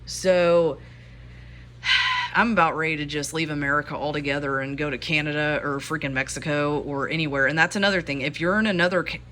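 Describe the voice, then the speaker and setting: Young adult vlogger ranting, bright-toned voice. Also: medium pitch. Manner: rambling, frustrated, many fillers. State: close to tears, voice rising. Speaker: YouTuber and custom figure maker. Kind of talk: casual vlog rant to viewers.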